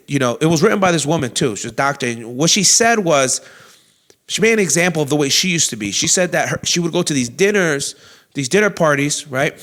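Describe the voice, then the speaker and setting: A young adult man and comedy show host, telling a story in a loud, animated way with constant swearing and acted-out quotes. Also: fairly high pitch.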